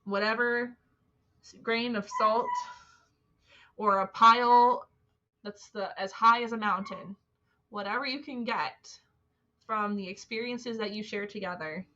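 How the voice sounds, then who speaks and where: A woman's voice: mid-range voice, steady tone, a little slow, pauses often, sharp tone. A woman hosting a casual spiritual live-stream, bubbly and gushing, chatting with fillers and reading quotes aloud. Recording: dull lo-fi stream audio.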